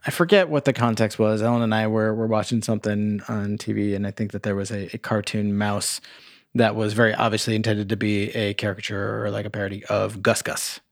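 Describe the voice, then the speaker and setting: A man's voice: on the low side, level tone, fairly quick, no room sound, studio quality. A man co-hosting a podcast in casual chat, rambling with many fillers and restarts. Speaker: podcast co-host.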